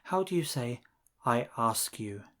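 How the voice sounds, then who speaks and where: A man teaching a scripted language lesson, saying phrases slowly and deliberately and pausing so the listener can repeat them. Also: mid-range voice, animated, a bit bright. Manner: slow, deliberate drilling with pauses for repetition.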